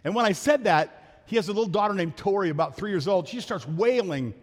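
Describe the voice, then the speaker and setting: A man preaching a sermon as pastor, talking fast and telling jokes in a church sanctuary. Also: high-pitched, lively intonation. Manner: fast-talking, joking storyteller. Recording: long hall reverb.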